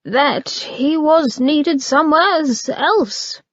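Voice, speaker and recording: A woman's voice: high voice, extremely slow, dry recording, dull audio, voice pushed up. A woman voicing an evasive, sulky old male servant with rustic, grumbling speech.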